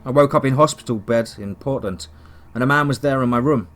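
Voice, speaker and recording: A man's voice: mid-range voice, fairly quick. A man narrating a first-person horror story in a dramatic, tense storytelling manner.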